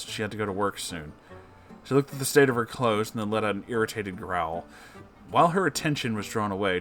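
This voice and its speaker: A man's voice: on the low side, fairly bright tone. A man hosting his channel, reading a story aloud in a playful, chatty way.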